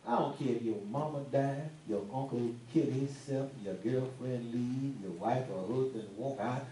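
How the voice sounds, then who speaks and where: A man preaching a sermon to a congregation, folksy and animated, teasing people in the pews. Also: mid-range voice, normal speed, slight background noise. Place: church sanctuary. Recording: echoey room, mic at a distance, faint ambience.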